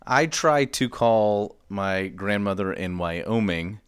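A man's voice: fairly low pitch, lively intonation, slow, clean tone, no room sound, studio quality. A man co-hosting a podcast, laid-back and agreeable in casual chat. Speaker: podcast co-host.

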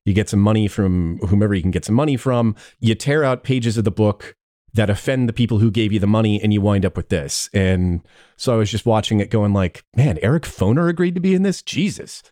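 A man's voice: fairly low pitch, fairly quick, warm tone, no echo, clean studio sound. A man co-hosting a podcast in casual chat, sardonic with laughing asides. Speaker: podcast co-host.

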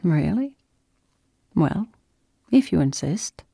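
A polite, well-off male employer, as a woman narrator reads him, measured and courteous. Her voice sits low and dry. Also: big pitch swings, gravelly, mellow, husky, dry recording, exaggerated voice.

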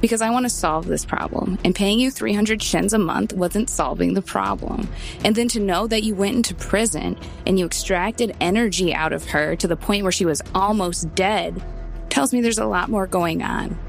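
Gravelly-voiced woman tabletop player. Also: mid-range voice, moderate pace, soft background music. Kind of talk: casual tabletop game play.

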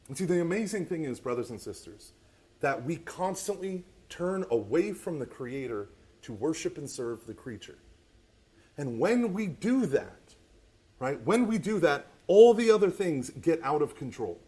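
A man pastor preaching a sermon, telling stories in an animated way. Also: fairly high pitch, unhurried. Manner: animated storytelling.

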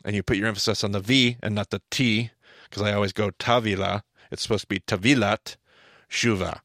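A man's voice: fairly low pitch, creaky, a bit bright, dry recording, clean studio sound. A man hosting a podcast, explaining things in a casual teaching style, emphatic and often correcting himself mid-sentence.

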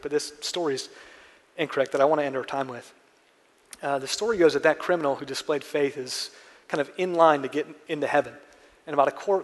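A man's voice: on the high side, in a large hall. A man preaching a sermon in a church, with an earnest, conversational manner of telling stories. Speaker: pastor.

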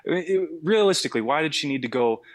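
A man's voice: a little high, lively intonation, fast. A young man co-hosting a news stream, giving casual political commentary in a hesitant way. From Canada. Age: young adult. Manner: hesitant, many fillers and restarts. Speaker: co-host.

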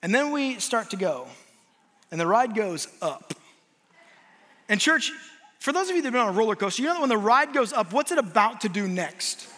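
A man preaches with a high, bright voice and tells a story on himself with lively, self-mocking humor. His words ring with a long echo through a large church hall. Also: fairly quick, pauses often. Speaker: guest preacher. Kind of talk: sermon.

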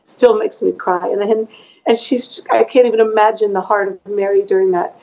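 A woman's voice: mid-range voice, steady tone, normal speed, vocal fry, a little mellow, rough recording. A middle-aged woman being interviewed as an author, speaking earnestly and emotionally about faith, often repeating words as she goes.

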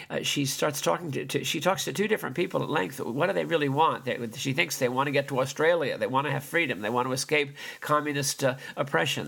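A man's voice: medium pitch, vocal fry, fairly bright tone, slightly rough. A man hosting a podcast, talking in a rambling monologue with many restarts and fillers. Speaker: podcast host. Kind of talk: casual spoken monologue.

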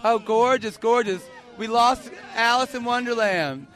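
A man's voice: very high voice, a little slow, fairly bright tone. A man hosting street interviews, flamboyant and teasing, calling everyone darling and baby. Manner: flamboyant, teasing, showers people with endearments. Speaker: festival interviewer.

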